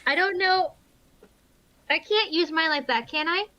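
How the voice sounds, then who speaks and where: High, bright-voiced woman player. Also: a little slow, lo-fi sound. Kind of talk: narrating her character in a tabletop game.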